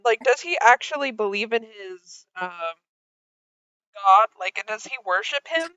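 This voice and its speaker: A bright, slightly high-voiced woman plays in a tabletop session, chatting casually with playful drama. Her mic sounds dull and dry. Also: lively intonation, a little slow, clean tone, no room sound. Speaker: player. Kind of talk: casual chat.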